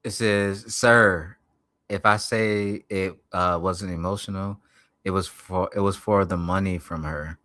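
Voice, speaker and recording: A man's voice: low voice, steady tone, a little slow, pushed and bright, dry recording. A man streaming, reacting to a video with profane, incredulous commentary and repeated "bro". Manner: incredulous, swears heavily, says "bro".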